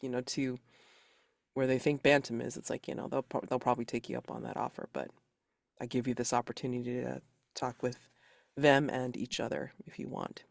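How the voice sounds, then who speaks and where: A man's voice: medium pitch, level tone, brisk, creaky, no room sound. A man narrating as game master in a tabletop game, rambling casually with lots of fillers.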